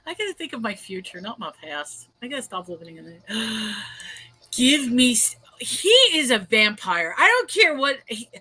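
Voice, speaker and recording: A woman's voice: fairly high pitch, big pitch swings, normal speed, bright, forceful tone, slightly rough. A woman hosting a casual livestream chat, rambling and laughing often as she reads viewer comments aloud. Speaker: host.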